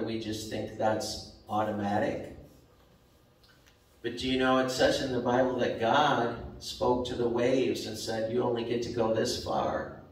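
Man, pastor, slow sermon, emphatic rises, very echoey hall, distant mic. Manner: slow, repetitive preaching with emphatic pitch rises. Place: church sanctuary.

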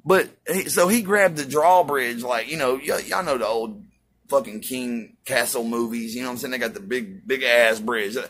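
A man delivering a profane, ranting monologue as a vlogger, swinging between loud preaching and hushed musing. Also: mid-range voice, moderate pace, slightly rough.

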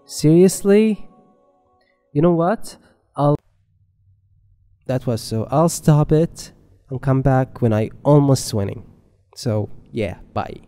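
Gamer guy, deep mellow tone, unhurried delivery, cursing at his game, long reverb tail on the voice. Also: expressive, smooth, soft background music. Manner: swears a lot and talks back to the game. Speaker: let's play gamer. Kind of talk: casual gameplay commentary.

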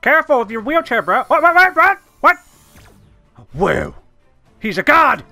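A gamer giving excitable, sweary commentary over their own gameplay. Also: high-pitched, a little slow, faint music behind. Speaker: let's play gamer.

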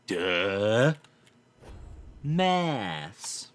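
A man commentating his own gameplay, talking to himself, swearing often and swinging from low muttering to loud frustrated outbursts. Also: animated, moderate pace. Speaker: gaming channel host. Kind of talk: let's play commentary.

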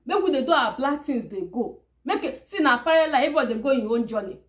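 Woman vlogger, Nigerian Pidgin accent, high-pitched and sarcastic, keeps hammering the same line. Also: animated, quick pace. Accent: Nigerian Pidgin English. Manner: sarcastic, repetitive and emphatic. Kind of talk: casual monologue to camera.

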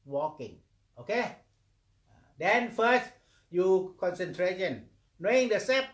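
A man's voice: high voice, big pitch swings, slow, pauses often. A man who is a meditation teacher monk, giving a dharma talk in simple English, repeating words in rhythmic chains and often asking "okay?". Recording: echoey room.

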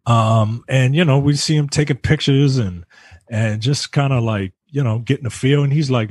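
A man hosting a casual film review podcast, recapping scenes in a halting way with many ums and uhs. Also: medium pitch, a little mellow, husky, dry recording.

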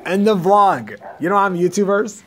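A young man starting a casual vlog, talking excitedly, joking with friends and coaxing dogs. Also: high voice, normal speed, slight background noise. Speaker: vlogger.

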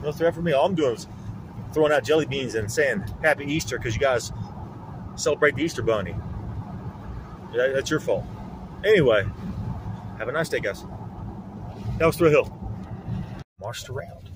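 A middle-aged man talks into a handheld phone while he is outdoors. His voice sits at an ordinary middle pitch, with faint background noise. He rambles in an aggrieved, accusing tone and keeps repeating his points. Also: normal speed, long pauses. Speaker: vlogger. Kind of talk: rambling phone vlog monologue. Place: outdoors, around a lake.

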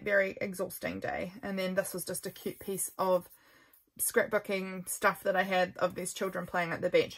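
Young NZ woman, casual chatty vlogger, mid-pitched, rambling and self-correcting. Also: a bit bright. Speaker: journaling vlogger. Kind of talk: casual chatty flip-through.

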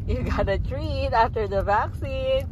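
Gentle teasing Filipino mom. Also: female voice, sits high, unhurried, slight background noise, rough recording. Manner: gentle, teasing, laughs often, mixes in Filipino words. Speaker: mother and family vlogger. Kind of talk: casual family vlog chat. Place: car at a fast-food drive-through.

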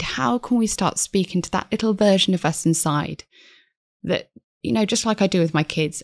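A woman's voice: medium pitch, moderate pace, no room sound, studio quality. A woman guest psychotherapist talking in a podcast interview, earnest and reflective, restarting her sentences often.

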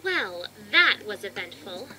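A woman voicing a deadpan, scheming young woman in a fan-dub parody cartoon. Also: mid-range voice, a little slow, a little hiss or hum, full character voice, low-quality recording. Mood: dry.

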